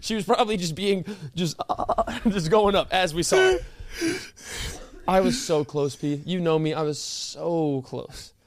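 A young man co-hosting a podcast, telling animated stories in a casual chat and swearing freely. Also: high-pitched, moderate pace, no room sound. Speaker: podcast co-host. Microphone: podcast studio mic.

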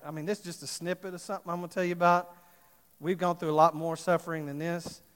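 A man's voice: fairly high pitch, a bit bright. A man preaching a storytelling sermon, acting out the voices of the people in his stories. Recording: reverberant hall.

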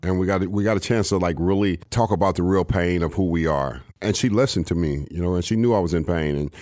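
Deep-voiced man, candid and reflective. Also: fast, a little mellow, dry recording, studio quality. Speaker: guest sharing recovery story. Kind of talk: candid personal testimony.

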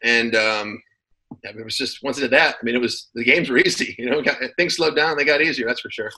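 A man in his thirties, a former football player, telling his story in a relaxed casual interview, with many fillers and restarts. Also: mid-range voice, a little fast, low-quality recording.

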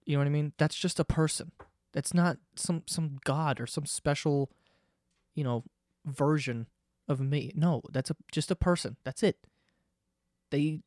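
A man's voice: a little high, moderate pace, no room sound. Profane ranting young man, dry close mic. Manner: animated, profane, exasperated ranting. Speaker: podcast host. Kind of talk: casual monologue rant.

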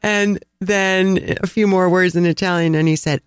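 A man with a Chicago accent, co-hosting a travel podcast and telling a lively anecdote with frequent laughs. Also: high voice, moderate pace, hardly any pauses, clear, resonant tone, no room sound, clean studio sound. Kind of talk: casual storytelling chat.

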